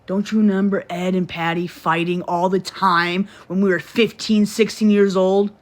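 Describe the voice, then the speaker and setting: A woman's voice: medium pitch, level tone, moderate pace. A woman on a phone livestream from her bed, lecturing and scolding in a preachy, repetitive way. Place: bedroom, in bed.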